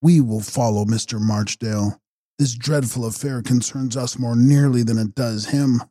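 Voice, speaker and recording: Narrator guy doing a scared young brother, urgent, mellow husky voice, dry sound. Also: mid-range voice, fairly even intonation, normal speed, no echo, close to an everyday voice.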